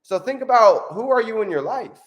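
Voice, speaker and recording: A man's voice: high-pitched, fairly quick. A man hosting a motivational video, who talks with energy and keeps tagging "right?" onto his points while he tells a story. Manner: energetic, upbeat, repeats "right?". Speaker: motivational vlogger.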